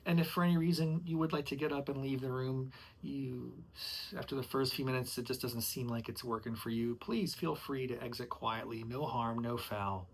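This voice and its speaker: A man hosting his own podcast, practicing how to lead a chair yoga class, with slow soothing cues broken by frustrated, joking asides where he swears and says "dude.". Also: mid-range voice, steady tone, creaky, a little hiss or hum. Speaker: podcast host rehearsing as yoga instructor.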